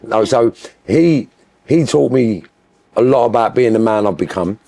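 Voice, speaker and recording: Gravelly Scouse man telling stories. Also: mid-range voice, measured pace, dry recording. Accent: Liverpool (Scouse). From Liverpool, England. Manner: animated, swears freely, mimics other voices. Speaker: interview guest. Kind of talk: candid storytelling interview.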